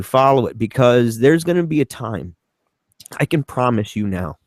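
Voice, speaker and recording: A man co-hosting a talk show, speaking earnestly and haltingly about a hard family matter, at times tearful. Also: fairly low pitch, no room sound, studio quality. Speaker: co-host. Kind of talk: emotional personal talk on a podcast.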